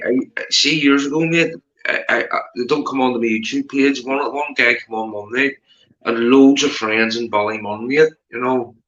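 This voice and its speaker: A man's voice: echoey room, dull audio. A man from Northern Ireland with a Belfast accent, hosting a casual livestream chat and calling everyone mate. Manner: chatty, keeps saying mate, animated rises in pitch. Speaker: livestream host.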